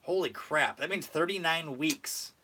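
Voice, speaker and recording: A man's voice: fairly high pitch, measured pace, bright, forceful tone, slight background noise. A young man from Michigan hosting a casual podcast, rambling through a story and saying "like" a lot. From Michigan, USA. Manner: rambling storyteller, says "like" often. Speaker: podcast host. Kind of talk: casual chat.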